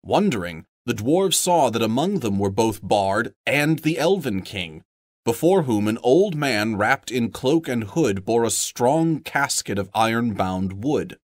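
Expressive male storybook narrator. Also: mid-range voice, unhurried, no room sound, studio quality. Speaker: audiobook narrator.

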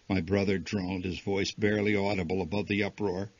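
A man reading a humorous short story aloud in a wry, lively storytelling manner. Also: low-pitched, fairly quick, few pauses, no room sound. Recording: dull lo-fi archival recording.

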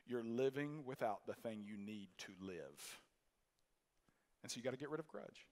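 A man's voice: medium pitch, animated, moderate pace, a little mellow. A male pastor preaching a sermon in a church, emphatic and repetitive, telling a story with many restarts. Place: church sanctuary. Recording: long reverb of a church hall.

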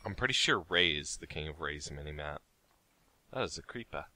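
A man hosting a casual game let's-play who is excitable and yelps and swears when attacked. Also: a bass voice, fairly quick, no room sound. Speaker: Minecraft let's-play host. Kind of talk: casual gaming chat.

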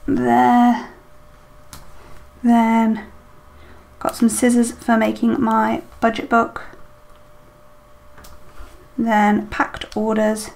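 In a casual plan-with-me, a woman talks to herself as she decorates a planner, full of ums and little questions. Her high-sided voice is monotone and darkish with vocal fry, extremely slow and pausing often.

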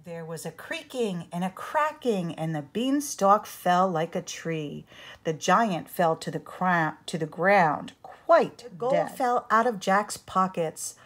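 An older woman narrates a children's read-along book at an unhurried pace. Her voice is husky and slightly low, and her pitch rises and falls expressively as she tells the story. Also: animated. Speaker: storybook reader.

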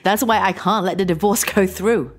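A woman's voice: mid-range voice, moderate pace, voice pushed up, natural voice. A woman voicing a tearful, pleading wife in a horror story, emotional and shaky. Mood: pleading, hurt. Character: tearful, pleading woman facing her divorce.

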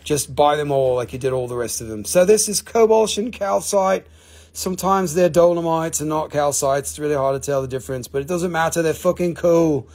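A man's voice: on the high side, fairly quick, darkish tone. A man hosting a casual live stream, selling rocks with profane, rambling jokes. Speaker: live stream rock seller.

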